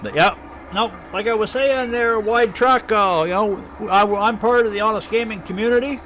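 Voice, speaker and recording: A man's voice: high-pitched, moderate pace, pushed and bright, slight background noise. A man from Canada with an Ottawa Valley accent, rambling and chatting casually as he streams live gameplay commentary. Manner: rambling, chatty, thinking aloud.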